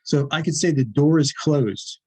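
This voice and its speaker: A man's voice: a little high, a little slow, a little mellow, breathy edge, rough recording. A man teaching an introductory logic lecture in a conversational way, restarting and repeating himself for emphasis. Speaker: philosophy lecturer.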